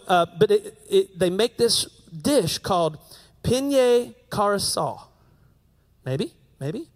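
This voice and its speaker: An American man preaching a sermon, telling a story in a conversational way and repeating his key phrases. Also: high voice. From United States. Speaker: pastor.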